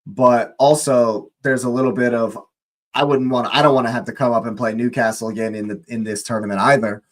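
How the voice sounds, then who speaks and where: A young man hosting a live football watch-along, excitable, laughing often and repeating his phrases. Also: mid-range voice, fairly quick.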